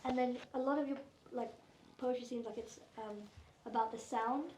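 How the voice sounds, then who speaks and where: Soft-toned woman in an echoey room. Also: a little high, steady tone, moderate pace. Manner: thoughtful, hesitant, many fillers. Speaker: audience member. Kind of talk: casual group discussion. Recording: roomy echo with faint noise.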